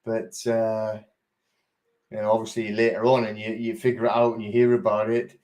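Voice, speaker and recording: A man's voice: fairly low pitch, monotone, normal speed, darkish tone. A middle-aged man from England hosting a live online chat, greeting viewers by name and telling stories in a loose, rambling way with many fillers and restarts. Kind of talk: casual live-stream chat.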